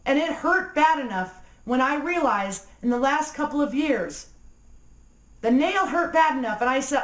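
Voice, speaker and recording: A woman in her forties giving an earnest motivational talk to camera, slowing down and dropping low on key phrases. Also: expressive, faint music behind. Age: 40s. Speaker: motivational speaker. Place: room with a phone ringing nearby. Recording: echoey room.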